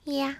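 A woman's voice: on the high side, no echo. Breezy young woman DJ, slightly breathless. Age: 20s. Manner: chatty, self-deprecating, reads viewer comments aloud. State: a little out of breath. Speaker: radio DJ. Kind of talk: casual live radio chat.

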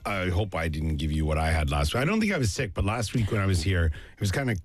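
Very deep, husky man co-host. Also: big pitch swings, fast, no room sound, faint music behind. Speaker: podcast co-host. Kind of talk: casual chat.

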